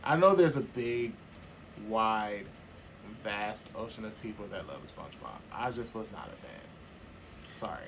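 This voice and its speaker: A man co-hosting a podcast in casual, candid chat, animated and quick to laugh. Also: fairly low pitch, noisy background. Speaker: podcast co-host.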